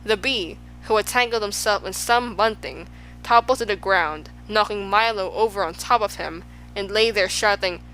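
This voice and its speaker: A woman reading a children's storybook aloud as the narrator, lively and expressive. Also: mid-range voice, normal speed, a little hiss or hum, low-quality recording. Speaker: audiobook narrator.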